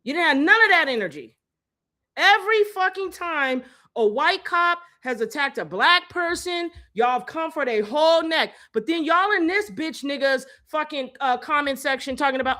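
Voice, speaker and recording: A woman's voice: high voice, expressive, normal speed, bright, forceful tone. A woman hosting a live-stream commentary, heated and profane, hammering her points with repeated rhetorical jabs into a phone. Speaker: host.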